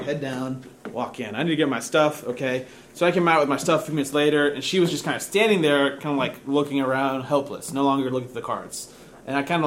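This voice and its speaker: A man's voice: mid-range voice, a bit bright, a little hiss or hum. A young man preaching as a pastor, telling a story in a casual, self-mocking way and laughing at himself. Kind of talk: sermon storytelling.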